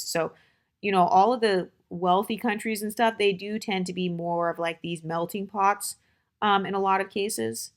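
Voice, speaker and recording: An American woman hosting her channel, giving dating advice in a blunt, opinionated, chatty monologue full of fillers. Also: mid-range voice. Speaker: channel host.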